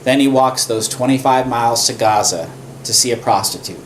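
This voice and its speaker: A man preaching a sermon as a pastor, telling a story with animated, repetitive emphasis. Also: mid-range voice, normal speed, slight background noise. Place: church.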